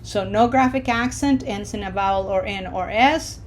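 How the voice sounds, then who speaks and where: A woman teaching a Spanish pronunciation lesson, modeling each word slowly and clearly and coaching learners with encouraging asides. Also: medium pitch, slight background noise. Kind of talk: language lesson.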